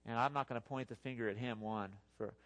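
A man giving a sermon as a pastor, talking to the congregation in a conversational, animated way with asides. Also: mid-range voice, fast talker.

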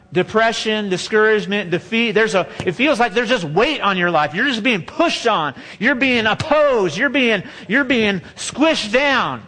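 A man's voice: sits high, fairly bright tone. A man preaching a sermon, reading scripture and speaking emphatically in a conversational way. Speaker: pastor.

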